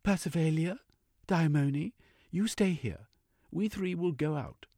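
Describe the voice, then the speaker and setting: A man voicing an impatient young male revolutionary who talks in a pressing, forceful way. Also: on the high side, animated, takes it slowly, slightly rough, no echo, clean studio sound, pitched above the performer's own voice, heavily acted. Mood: urgent.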